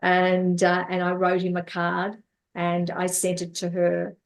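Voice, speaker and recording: A woman's voice: on the low side, completely flat delivery, measured pace, gravelly. A woman life coach telling stories from her life in an interview, repeating words and acting out what others said. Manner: repeats words, acts out quoted dialogue. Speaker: life coach and therapist guest. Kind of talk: storytelling in an interview.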